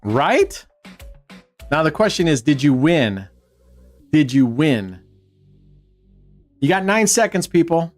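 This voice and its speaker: A man's voice: fairly high pitch, big pitch swings, slow, pauses often, soft background music. Joking male livestream host. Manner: joking, teasing banter with chat. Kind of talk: casual livestream chat.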